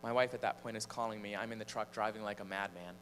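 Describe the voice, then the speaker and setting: A man's voice: on the low side, fast. A man from Michigan, a preacher and singer, animatedly telling a personal story from the pulpit in a large church. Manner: animated storyteller, building suspense. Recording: long church reverb, faint mains hum.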